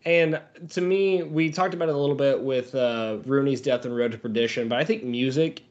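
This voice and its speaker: A man's voice: mid-range voice, brisk, darkish tone. A man co-hosting a podcast, telling stories in a wry, jokey way. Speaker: podcast co-host. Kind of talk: casual chat. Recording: dull lo-fi audio.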